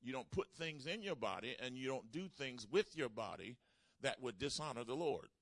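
Lively pastor preaching. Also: male voice, mid-range voice, normal speed, creaky, no room sound. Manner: call-and-response preaching, playful, repeats phrases for emphasis. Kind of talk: sermon.

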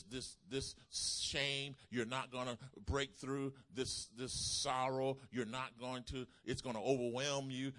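With a medium-pitched voice, a male preacher delivers a sermon that retells a healing testimony and climbs to loud, emphatic calls to those gathered in the congregation.

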